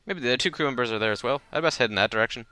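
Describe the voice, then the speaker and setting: A man voicing an earnest starship captain who reads his log aloud in a formal, measured way, with a wobbly blend of Scottish and Indian accents. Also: medium pitch, sharp tone, clear, resonant tone, dry recording, natural voice. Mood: purposeful. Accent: wobbly mix of Scottish and Indian.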